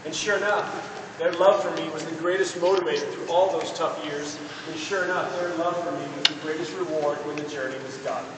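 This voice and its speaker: High-voiced man speaking to kids. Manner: energetic, audience call-and-response. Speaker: motivational speaker. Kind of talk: motivational speech to children. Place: large echoey hall. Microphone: distant mic. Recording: echoey hall, distant mic, noisy.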